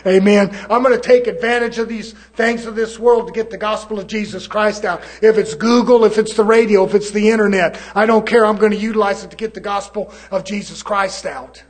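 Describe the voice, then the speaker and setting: Man preaching, high voice, folksy grammar, loud then hushed. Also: fairly even intonation, brisk, few pauses. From California. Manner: folksy, dialect grammar, swings from loud to low. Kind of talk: fiery sermon.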